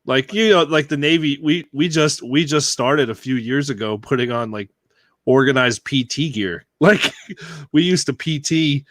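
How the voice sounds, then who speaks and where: A man co-hosting a podcast in casual banter, excitable and quick to laugh and swear. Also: mid-range voice, no echo. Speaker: podcast co-host.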